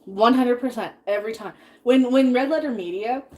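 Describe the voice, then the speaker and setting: A woman's voice: fairly high pitch, normal speed. A woman in her thirties chatting casually while cooking on a live stream, rambling and laughing often as she reads chat.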